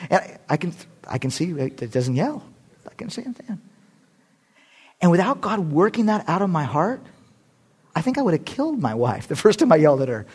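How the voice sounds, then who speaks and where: A man preaching with a somewhat high, husky voice that swings widely in pitch. He delivers his sermon as a conversational story, animated and full of self-deprecating humor. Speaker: pastor.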